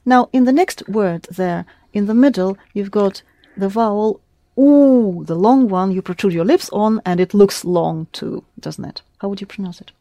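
A woman's voice: medium pitch, dark tone, no room sound. Patient woman teaching a language lesson. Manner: patient, encouraging, repeats words slowly and clearly.

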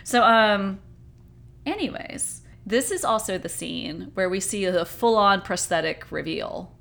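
A woman co-hosting a podcast, recapping a movie in a casual, animated way, laughing often. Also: medium pitch, measured pace, vocal fry. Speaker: podcast co-host.

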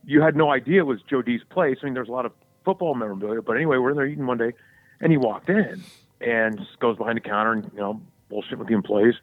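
A man's voice: mid-range voice, fast, no echo. A man co-hosting a podcast, telling sports stories in a loose, profane way and acting out the voices of the people he quotes. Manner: profane, animated storytelling with acted-out quotes. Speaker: podcast co-host. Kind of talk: casual podcast chat. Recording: dry, tinny phone-like sound.

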